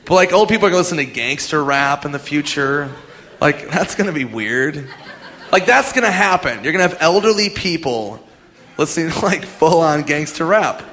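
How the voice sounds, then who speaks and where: A young man performing stand-up on a club stage, rambling and profane, often cracking up at his own jokes. His voice sits a little high and swings widely in pitch. He is recorded live through a stage mic, with the crowd and room noise clearly heard. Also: expressive, normal speed, a bit bright. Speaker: stand-up comedian. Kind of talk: stand-up comedy set.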